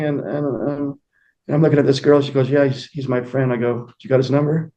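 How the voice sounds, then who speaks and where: A man talks as a guest in a casual interview, wandering through anecdotes. He fills gaps with fillers and acts out what people said. His voice sits a little higher than most men's. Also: fairly even intonation, brisk, darkish tone. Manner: rambling anecdotes with many fillers and acted-out quotes.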